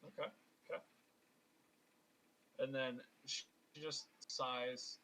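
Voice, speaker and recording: A man running a tabletop role-play session on a streaming mic. He talks in a playful, bantering way with a bright, forward voice. A faint hiss of ambience sits behind him. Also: mid-range voice, lively intonation, measured pace, long pauses, low-quality recording. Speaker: game master.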